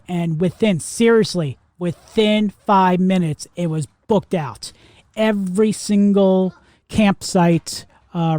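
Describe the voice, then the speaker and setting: His voice sits on the high side, mellow and free of echo. The podcast host, a Floridian in his forties, rambles casually on his own, often restarting and using fillers.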